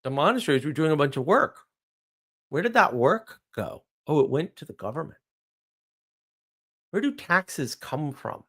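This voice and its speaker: A man's voice: moderate pace, slightly rough. A man hosting a live stream monologue, blunt and ranting, asking rhetorical questions and answering them himself. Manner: blunt, ranting, animated pitch swings.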